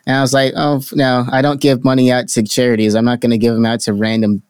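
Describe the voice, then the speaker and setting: Young male podcast co-host, loose rambling storyteller, cusses freely, average pitch, dry close recording. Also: flat delivery, fast talker, a little mellow, clear, resonant tone, dry recording. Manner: rambling, swears a lot, acts out what people said. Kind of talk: casual chat, telling a travel story.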